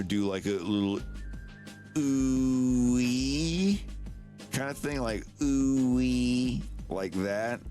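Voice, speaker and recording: Low-voiced guy streaming, rambling and cursing, soft music behind him. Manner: rambling, profane, demonstrates mouth sounds. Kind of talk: casual live-stream chat.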